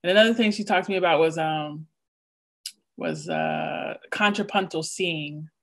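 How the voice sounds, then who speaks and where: Poet, woman, lower register; measured, rhythmic lecture reading, a touch nervous, video-call audio. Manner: measured, rhythmic delivery with list-like cadence. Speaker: poet giving a craft talk. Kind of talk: reading a prepared lecture on poetics.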